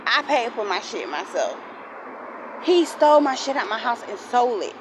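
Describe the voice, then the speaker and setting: A woman's voice: on the high side, sing-song, moderate pace, background noise. A woman in her forties venting to camera in an unscripted storytime rant, blunt and profane, repeating herself often. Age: 40s. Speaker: vlogger.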